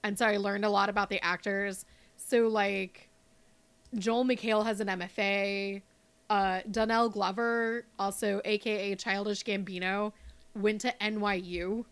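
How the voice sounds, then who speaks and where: A young woman co-hosting a podcast in casual banter, animated and sarcastic, swearing freely and slipping into mocking voices. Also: medium pitch, unhurried, clean tone. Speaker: podcast co-host.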